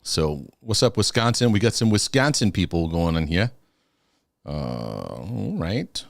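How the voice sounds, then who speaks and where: A man with a fairly low voice hosts a live Q&A in a loose, chatty way. He laughs easily, stumbles and restarts his phrases as he talks to viewers. The sound is dry and close, with almost no room around it. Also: big pitch swings, a little slow, gravelly, dry recording. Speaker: host of a live Q&A. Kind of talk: casual live-stream chat.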